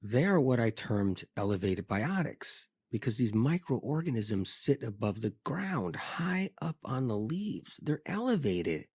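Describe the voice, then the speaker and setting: A man's voice: medium pitch, very animated, a little slow, few pauses, darkish tone, breathy edge, no room sound, studio quality. A man delivering a scripted health monologue, telling it vividly with emphatic repetition. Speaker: health speaker.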